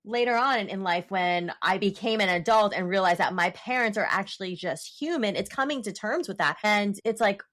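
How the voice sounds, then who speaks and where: A woman's voice: mid-range voice, normal speed, few pauses, a bit bright. A woman co-hosting a podcast, telling stories about motherhood in a casual, conversational way. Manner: conversational storytelling. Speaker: podcast co-host. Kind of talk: casual chat.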